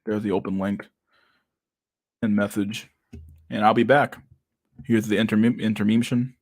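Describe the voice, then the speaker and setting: A man's voice: on the low side, flat delivery, moderate pace, a little mellow, no echo, clean studio sound. A young man from Canada, rambling and swearing casually as the host of a livestream chat. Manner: rambling, profane, laughs at memes.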